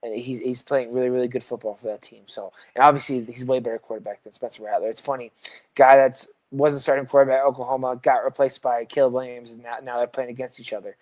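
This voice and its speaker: A woman co-hosting a casual sports podcast, talking quickly with stumbles and repeated words. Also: a bass voice, steady tone, a little mellow. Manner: rapid list-reading with stumbles and repeats. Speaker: podcast co-host.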